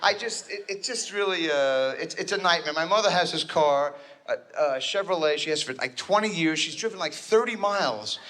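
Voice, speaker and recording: A man's voice: fairly high pitch, expressive, moderate pace, fairly bright tone. A man from New Jersey doing a neurotic, rambling, self-deprecating stand-up routine on stage. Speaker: stand-up comedian. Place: stage before a live audience.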